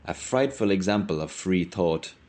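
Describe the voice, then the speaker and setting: A brooding young Irishman with grim, measured delivery, voiced by a man reading. The voice stays deep, close to the reader's own. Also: expressive, a little mellow.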